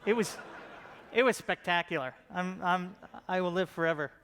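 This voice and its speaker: A man's voice: high voice, normal speed, pushed and bright. A middle-aged man giving a casual, joking conference talk about his comedy show, self-deprecating and full of fillers and restarts.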